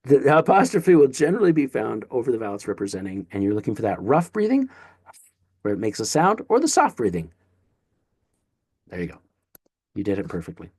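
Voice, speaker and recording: A man's voice: mid-range voice, wildly swooping pitch, brisk, long pauses, darkish tone, husky, no room sound. A man teaching a casual online lesson, talking in a chatty, encouraging way with asides and restarts. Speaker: Greek teacher.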